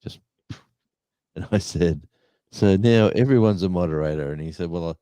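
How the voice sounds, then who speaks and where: Man, very deep voice, rambling casual chat, chuckling. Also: moderate pace, mellow, dry recording. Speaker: livestream co-host.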